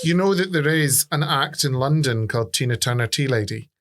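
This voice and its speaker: A man's voice: mid-range voice, lively intonation, a little fast, a bit bright. A man co-hosting a casual interview, asking questions and making teasing quips. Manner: quippy, teasing. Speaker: podcast co-host, comedian.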